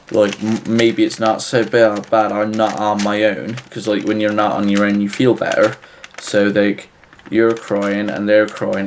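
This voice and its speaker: A man giving comic advice in a vlog, rambling and halting with a flat, matter-of-fact delivery. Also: on the low side, a little hiss or hum. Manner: rambling, halting, filler-heavy. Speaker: vlogger.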